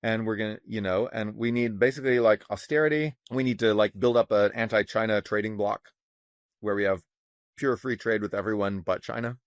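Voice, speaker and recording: A man with a lowish voice rants on a podcast, animated and sarcastic, with plenty of swearing and mocking voices for the people he quotes. The sound is close and dry, with no room around it. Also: brisk, no echo. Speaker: podcast co-host, economist. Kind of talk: casual opinionated chat.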